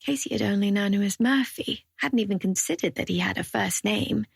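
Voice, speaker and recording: An audiobook narrator delivers scripted narration in a gravelly, husky woman's voice of mid-range pitch, moving a little fast. The sound is dry and studio-clean.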